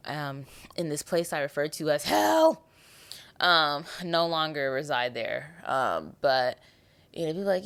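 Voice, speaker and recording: A woman's voice: low-pitched, sing-song, measured pace, fairly bright tone, smooth. A young woman hosting her own podcast, chatting casually and animatedly with lots of asides and fillers. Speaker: podcast host. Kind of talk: casual solo podcast chat.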